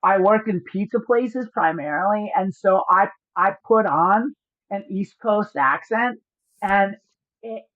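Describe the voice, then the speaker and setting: A woman's voice: medium pitch, takes it slowly, no echo. A woman streaming poker online, explaining her hands in a joking and profane way. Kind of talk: livestream commentary. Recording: dry, slightly dull lo-fi audio.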